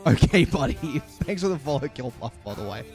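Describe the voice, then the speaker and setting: A man's voice: medium pitch, big pitch swings, brisk, gravelly, a little mellow, faint music behind. A young man chatting with his live stream chat and commentating an online game in a playful, hyped way. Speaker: streamer and caster.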